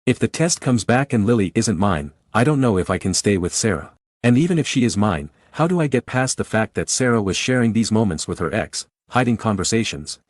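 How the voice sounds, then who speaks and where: A man reading a first-person story aloud in an even, measured way. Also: lowish voice, no room sound. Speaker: narrator.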